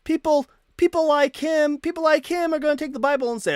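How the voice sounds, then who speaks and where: Very high-pitched and brisk, a man hosts a live debate stream, captured in clean studio sound with no echo. His casual, animated delivery is marked by repeated and restarted words.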